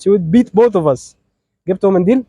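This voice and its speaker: Man, Egyptian accent, wedding officiant, playful sermon, high pitch, dry close sound. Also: very fast, warm tone, dry recording, poor audio. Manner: teasing, jokey, addresses the couple directly.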